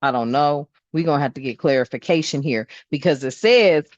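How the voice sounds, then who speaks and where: A woman doing a spiritual reading in a casual vlog, talking bluntly with lots of swearing and lively storytelling. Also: low-pitched, a little fast, no room sound. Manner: blunt, profane, animated storytelling. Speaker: spiritual reader. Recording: dull, dry sound.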